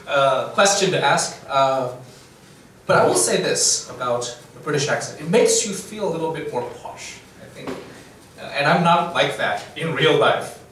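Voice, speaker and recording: A man's voice: on the high side, moderate pace, a little hiss or hum. A man hosting a livestreamed English lecture, talking casually with frequent fillers and chuckles. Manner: relaxed, chuckling, full of fillers. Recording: echoey room from far off.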